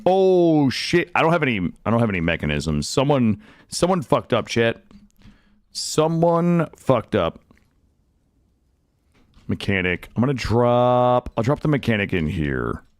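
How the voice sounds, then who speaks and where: Recorded dry at studio quality on a desk mic, a young man with a lowish voice streams his game. He comments casually, curses freely and chats animatedly with his viewers.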